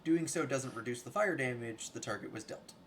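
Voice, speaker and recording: A man narrating a tabletop game as game master. His voice sits at a middle pitch. He reads rules and room descriptions and sometimes trips over a word and starts again. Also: expressive, fairly quick. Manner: reads rules and scene text, stumbles and restarts.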